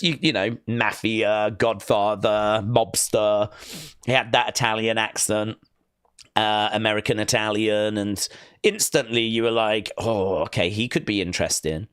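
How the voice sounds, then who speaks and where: A man's voice: fairly low pitch, a bit bright, clear, resonant tone, dry recording, clean studio sound. A man hosting a casual live watch-along stream, chatting loosely and reading viewer comments aloud.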